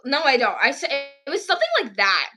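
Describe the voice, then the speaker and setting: A woman's voice: sits high, sing-song, fast talker, bright, forceful tone. A young female vlogger casually telling a long story, rambling with many "I was like" asides.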